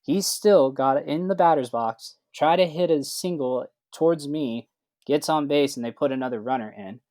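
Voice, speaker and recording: A man's voice: a little high, normal speed, no echo. A man, a certified athletic trainer, telling a story in a casual way, full of fillers, and acting out the dialogue. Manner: relaxed, acts out quoted dialogue with lots of fillers.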